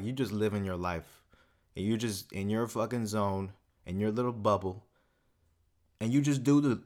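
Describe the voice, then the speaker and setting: Profane, rambling male podcast host. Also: fairly low pitch. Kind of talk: casual solo podcast rant.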